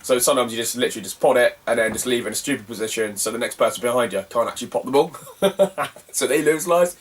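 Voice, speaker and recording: A man's voice: medium pitch, fast talker, recorded from a distance, a little hiss or hum. A young man, telling a rambling, slangy story as a retro gaming vlogger and laughing often between phrases. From Cornwall, England. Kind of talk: casual rambling anecdote.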